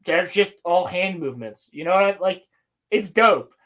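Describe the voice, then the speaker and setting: A young man co-hosting a casual podcast, talking about anime in an excited, rambling, slang-heavy way. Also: high-pitched, normal speed. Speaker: podcast co-host. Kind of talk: casual chat.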